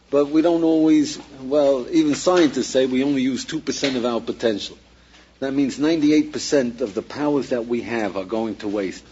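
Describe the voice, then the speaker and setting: A man teaching a class as a rabbi, in a lively lecture style, acting out little dialogues and putting questions to his listeners. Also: medium pitch, a little hiss or hum. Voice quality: husky. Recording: dull lo-fi archive lecture recording.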